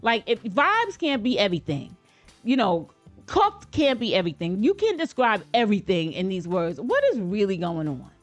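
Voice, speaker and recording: A woman's voice: medium pitch, big pitch swings, normal speed, dry recording, faint music behind. An American woman hosting a reaction video, chatting casually and speaking straight to her viewers with playful asides. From United States.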